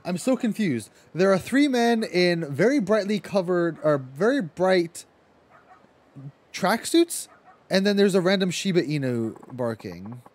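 A man's voice: high voice, very animated, unhurried. A man streaming a video game from home, chatting casually with viewers, reading and answering chat, swearing freely and laughing often.

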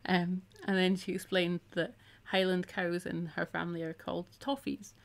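Chatty woman with a gravelly voice. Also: fairly low pitch, level tone, normal speed. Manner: chatty, laughs often, reads out comments. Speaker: craft tutor hosting a live stream. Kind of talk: casual craft tutorial.

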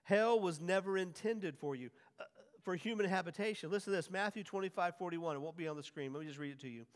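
A man preaching a sermon as pastor, swinging from hushed lines to loud, drawn-out emphasis. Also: sits high. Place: church sanctuary. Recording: long church hall reverb.

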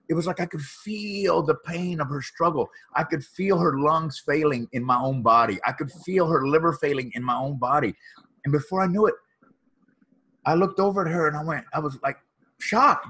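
A man's voice: on the high side, a bit bright, breathy edge. A man, a motivational speaker and author, earnestly telling a personal story as a guest in an interview.

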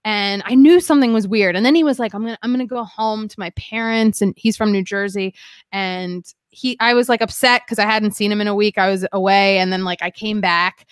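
A woman's voice: medium pitch, a little fast, clear, resonant tone, no room sound. A young woman, a podcast guest, telling her story in a rambling, candid way, full of "like" and restarts. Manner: rambling, heavy use of "like", frequent restarts.

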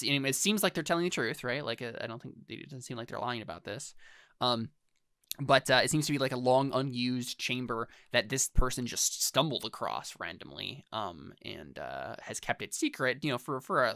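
A man's voice: medium pitch, vocal fry, pushed and bright, dry recording, studio quality. A man narrating as game master for a tabletop game, in a casual way with lots of fillers.

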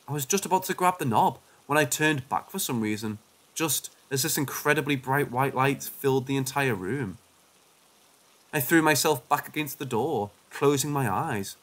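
A man's voice: mid-range voice, a bit bright. Man narrating a paranormal tale. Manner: dramatic storytelling. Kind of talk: scripted narration of a paranormal story.

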